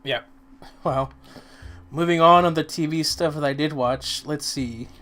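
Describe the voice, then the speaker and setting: A man chatting casually as co-host, slightly hoarse, with a relaxed manner that trails off. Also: a little high, a little slow, faint music behind. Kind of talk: casual chat.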